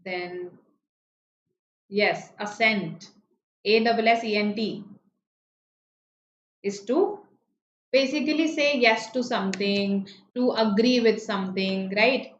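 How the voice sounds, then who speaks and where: A woman's voice: medium pitch, takes it slowly, pauses often, roomy sound, lo-fi sound, a little hiss or hum. A woman, teaching a live online vocabulary lesson, explaining words patiently and checking in with students often. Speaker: online exam-prep teacher.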